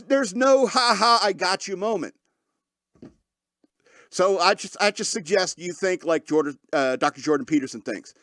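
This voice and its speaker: This podcast host has a high, somewhat bright voice captured in a clean studio with no room sound. He jokes sarcastically about the news, frequently breaking into laughter mid-sentence in a casual comedic style.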